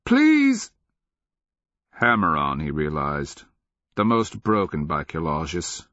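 Slow, deep-voiced male audiobook narrator. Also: pushed and bright, no echo, muffled recording. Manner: measured, grave storytelling.

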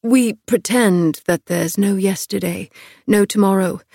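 A woman reading an audiobook, voicing a tall young man who speaks low, hushed and intimate, tender and intent. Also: measured pace, gravelly, no echo, clean studio sound.

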